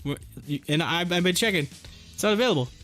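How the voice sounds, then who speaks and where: A man with a notably high voice talks loosely on a live stream, spinning long rambling stories packed with fillers and quick laughs. Faint music sits quietly behind him. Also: animated. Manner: rambling, chatty storytelling with frequent fillers and laughs. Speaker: day-trading live stream host. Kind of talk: casual live-stream chat.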